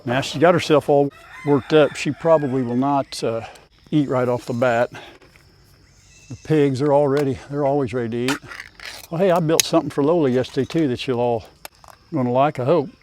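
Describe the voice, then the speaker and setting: A man's voice: mid-range voice, fairly even intonation, moderate pace, darkish tone, a little hiss or hum. An older man, chatting casually to viewers and his animals while doing farm chores outdoors. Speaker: farm vlogger.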